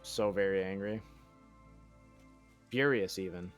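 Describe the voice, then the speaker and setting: Soft music plays behind a deep-voiced man who takes his time while chatting on a game stream. He jokes with sarcastic fake bravado, swears, runs himself down and thinks aloud.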